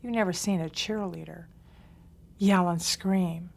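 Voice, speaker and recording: A woman's voice: mid-range voice, fairly even intonation, moderate pace, gravelly. A woman therapist teaching a coping skills lesson, speaking directly and coaching her listeners. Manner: direct and coaching, acts out quoted self-talk.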